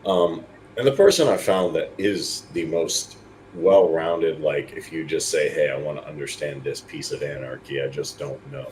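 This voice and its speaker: A man's voice: rumbling low, normal speed, a little mellow, slight background noise, low-quality recording. A man talking casually as a podcast co-host, rambling through lists of examples over an online voice call. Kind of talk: casual discussion.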